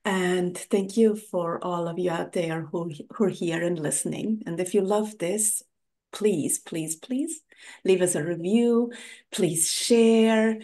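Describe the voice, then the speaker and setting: A woman's voice: on the low side, fairly even intonation, a little slow, warm tone. A woman hosting a podcast in a casual interview chat, affirming her guest and often tagging "right?". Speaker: podcast host.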